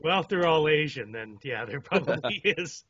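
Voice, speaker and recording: A man from Canada, co-hosting a podcast in a relaxed casual chat and laughing easily. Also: fairly high pitch, moderate pace, breathy edge, no room sound. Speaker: podcast co-host. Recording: dry, dull lo-fi sound.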